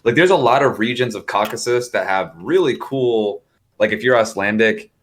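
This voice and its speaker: A man's voice: fairly low pitch, moderate pace, a bit bright. An American man chatting as a podcast guest, easygoing, laughing often and swearing freely. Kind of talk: casual podcast chat.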